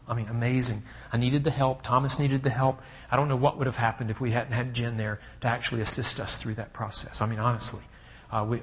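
Man telling a sermon story. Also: mid-range voice. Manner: conversational, checks in with listeners; swings from hushed to emphatic. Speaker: pastor.

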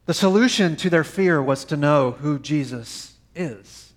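A man preaching a sermon, swinging from emphatic lines to soft, quiet phrases. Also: a little high, expressive, takes it slowly. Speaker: pastor.

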